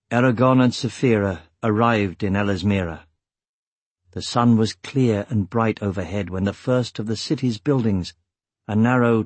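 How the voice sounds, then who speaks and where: A man reading a fantasy audiobook in a steady, measured way. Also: mid-range voice, slightly rough, no room sound. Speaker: audiobook narrator. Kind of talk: scripted fantasy narration.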